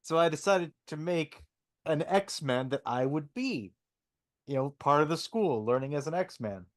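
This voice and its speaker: A man co-hosting a casual podcast, talking haltingly with repeated words and fillers. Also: fairly high pitch, expressive. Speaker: podcast co-host.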